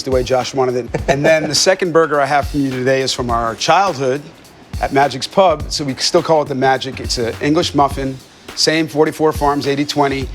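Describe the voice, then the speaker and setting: A chef from New York, a man talking in an emphatic, opinionated way. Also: mid-range voice. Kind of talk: casual chat.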